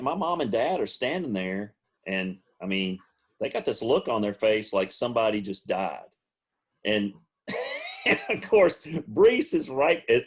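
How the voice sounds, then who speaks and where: A man co-hosting a sports talk show, telling a story in a casual chat and laughing often. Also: medium pitch. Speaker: podcast co-host.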